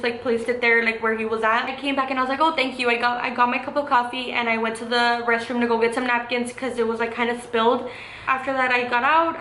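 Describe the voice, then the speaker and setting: A woman's voice: on the high side, bright, forceful tone. Chatty young woman in echoey room. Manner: chatty, full of "like" and "um" fillers. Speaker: vlogger. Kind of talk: casual story time. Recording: echoey room with faint hiss.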